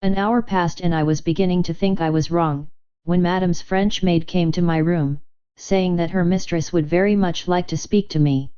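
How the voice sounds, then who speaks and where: Mellow, smooth woman narrator. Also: on the low side, steady tone, moderate pace, highs cut off. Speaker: audiobook narrator. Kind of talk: scripted first-person narration.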